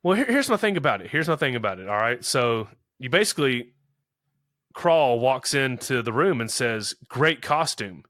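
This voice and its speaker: Bright-voiced man recapping a movie. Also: medium pitch, sing-song, moderate pace, no echo, clean studio sound. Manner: rambling, many "you know" fillers, acts out quotes. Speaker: podcast co-host. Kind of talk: casual movie recap chat.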